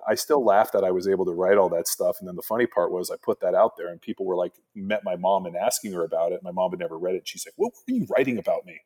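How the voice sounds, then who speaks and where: A man's voice: low voice, fast, hardly any pauses, mellow. A man in his forties, a former pro football player, telling stories in a laid-back, rambling way full of fillers. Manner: laid-back, rambling with many "like" fillers, acts out quoted voices. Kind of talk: casual storytelling chat.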